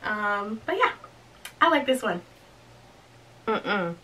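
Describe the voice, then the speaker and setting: Young woman vlogger, unhurried and giggly, bright tone, just chatting about clothes. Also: medium pitch, very animated, low-quality recording. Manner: chatty and giggly, talking to herself as she goes. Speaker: vlogger reviewing a clothing box. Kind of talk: casual unboxing chat.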